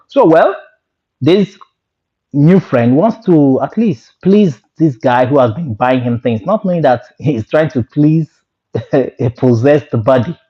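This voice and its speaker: Animated Nigerian man telling a story. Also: on the high side, takes it slowly, husky. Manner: animated, laughing, Pidgin asides. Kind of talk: casual storytelling. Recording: lo-fi dull sound.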